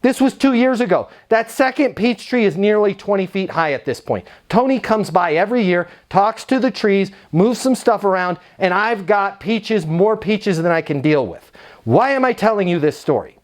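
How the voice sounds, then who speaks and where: A man giving an energetic, conversational sales talk built around a story. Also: high-pitched, moderate pace. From United States. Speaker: sales speaker.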